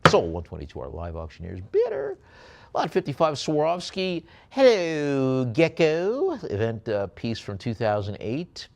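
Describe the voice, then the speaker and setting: A man working as an auctioneer, calling bids in a quick rhythmic patter and slipping into relaxed, joking asides about each lot. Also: medium pitch, vocal fry, slight background noise. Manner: rapid bid calls mixed with chatty asides and quips.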